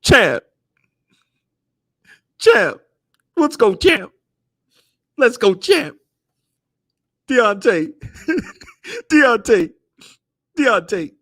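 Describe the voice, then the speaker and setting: A man putting on a shrill, sing-song voice to play a heckler mocking a champion. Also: very animated, drawn-out words, long pauses, pushed and bright, exaggerated voice.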